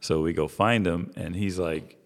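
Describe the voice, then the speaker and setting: Deep-voiced middle-aged man, laid-back and profane. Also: steady tone, normal speed. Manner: laid-back, profane, with lots of "you know what I'm saying". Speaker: barber, guest. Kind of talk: casual storytelling chat. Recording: long reverb in the room.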